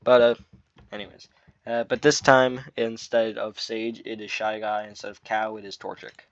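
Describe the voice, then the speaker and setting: A man's voice: on the low side, little pitch movement, moderate pace, no room sound. Rambling man with a dull, dry mic. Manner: rambling, filler-heavy explaining. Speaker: commentator on his own video. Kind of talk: casual commentary.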